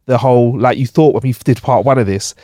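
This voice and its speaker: A man's voice: medium pitch, fairly quick, mellow, no echo, clean studio sound. A man co-hosting a podcast, chatting casually and laughing easily. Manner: laughing, easygoing storyteller. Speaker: podcast co-host. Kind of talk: casual chat.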